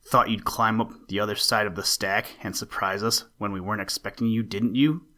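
A man voicing a cheeky, indignant little male sparrow in a storybook reading, shrill and mocking. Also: steady tone, normal speed, sharp tone.

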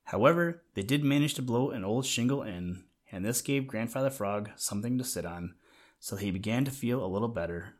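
A man reads a children's story aloud in a gentle, measured way. His voice sits at an ordinary middle pitch for a man. The delivery is calm and even. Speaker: narrator. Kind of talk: storybook reading.

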